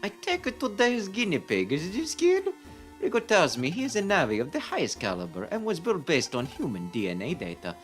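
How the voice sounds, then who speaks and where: A man's voice: mid-range voice, wildly swooping pitch, fast talker, faint music behind. A man voicing a sinister male mad scientist from a video game, speaking with gleeful, giggly menace. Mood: gloating.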